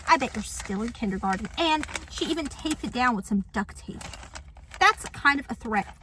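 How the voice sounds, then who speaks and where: Sassy high-voiced young woman. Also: lively intonation, normal speed, fairly bright tone, slight background noise. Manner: sassy, dramatic, mocking. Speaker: vlogger. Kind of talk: casual storytime vlog. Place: apartment living room.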